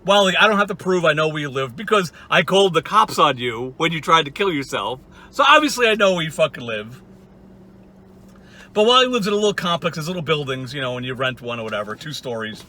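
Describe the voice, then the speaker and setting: A man rants straight to camera in a mocking, profane vlog monologue and keeps breaking into laughter. His voice sits high with a sharp, tense brightness. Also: big pitch swings, fast. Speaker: online video creator.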